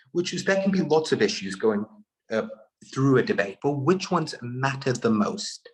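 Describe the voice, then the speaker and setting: A man teaching a masterclass on judging debates, explaining in a measured, deliberate way. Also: mid-range voice, low-quality recording. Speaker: debate coach. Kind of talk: instructional masterclass lecture.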